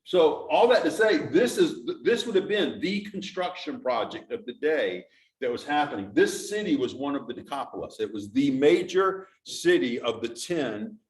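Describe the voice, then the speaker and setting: Speaking at a moderate pace with a fairly high, lively voice, a man gives an informal, conversational talk in a church sanctuary, explaining as he goes and asking the audience questions. He's recorded from a distance in an echoey hall.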